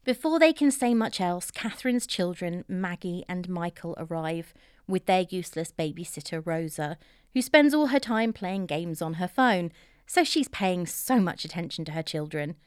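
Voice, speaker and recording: Woman, film recap host; chatty, opinionated, smooth lower voice. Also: expressive, moderate pace, no room sound, clean studio sound. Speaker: film reviewer.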